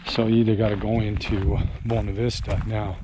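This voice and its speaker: An older man vlogging casually on a morning hike, slightly out of breath and rambling with many pauses, recorded outdoors on a handheld camera. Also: on the low side, flat delivery. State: a little out of breath. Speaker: RV travel vlogger. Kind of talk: casual walking vlog. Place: outdoors on a mountain campground hillside. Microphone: handheld camera while walking. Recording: outdoor wind and ambient noise.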